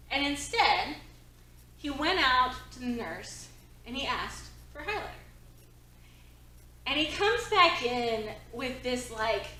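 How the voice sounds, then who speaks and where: Woman, therapist giving a talk, storytelling, conversational, fairly high voice, echoey hall. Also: distant mic, slight background noise. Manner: expressive, conversational, with frequent "right?" asides. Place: presentation hall.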